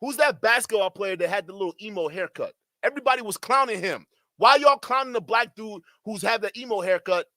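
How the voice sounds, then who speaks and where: Heated ranting man, bright tense voice. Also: high voice, expressive, brisk, no echo, clean studio sound. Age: adult. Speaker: streamer host. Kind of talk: livestream commentary.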